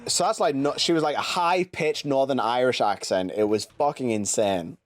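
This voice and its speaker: A man's voice: medium pitch, moderate pace. Chatty man, swearing freely. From England. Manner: animated, swears a lot, slips into mock accents. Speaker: streamer host. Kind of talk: casual chat.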